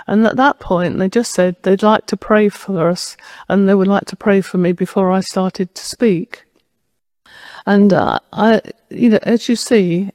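A woman preaches a sermon, sharing a personal story in a direct, conversational way, as if talking to friends. Her medium-pitched voice has a darkish tone and sounds close and dry, with essentially no room sound.

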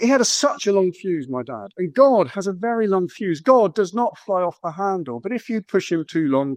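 A middle-aged man preaching a sermon, animated and acting out quotes with exaggerated voices. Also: high-pitched, dry recording.

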